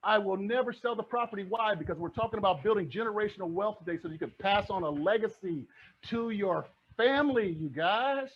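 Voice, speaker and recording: A middle-aged man giving an energetic motivational talk on real estate investing, asking his audience rhetorical questions. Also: sits high, fairly quick, husky, dull audio. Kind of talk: motivational online presentation.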